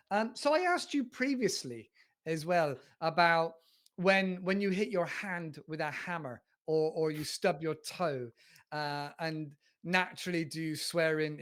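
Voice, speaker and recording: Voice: mid-range voice, a bit bright. An interview host with a mid-range voice, talking casually and loosely. The host wanders through long, rambling questions with frequent restarts. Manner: rambling, with many restarts and a chatty tone. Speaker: host of an English-learning channel.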